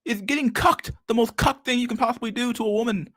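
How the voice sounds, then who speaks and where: A man's voice: very high-pitched, fairly bright tone, exaggerated voice. A man doing a rambling, pompous old lecturer. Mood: lecturing. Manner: halting, repetitive, preachy.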